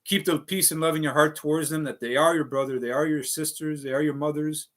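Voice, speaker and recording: A man's voice: fairly high pitch, steady tone, fast, a bit bright. A man giving a rambling, earnest motivational monologue to his viewers, swearing often and restarting his sentences. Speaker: vlogger.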